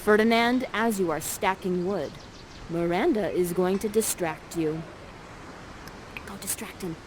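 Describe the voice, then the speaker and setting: A woman's voice: medium pitch, a little slow, slight background noise. A woman narrating an interactive live stage show in a bubbly, playful manner while directing the audience.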